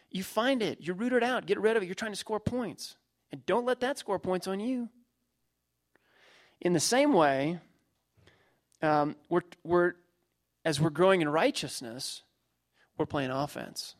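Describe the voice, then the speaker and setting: A man's voice: high voice, a little slow, pauses often. Emphatic man preaching a sermon. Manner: emphatic, repeats phrases, lively preaching with everyday illustrations. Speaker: pastor.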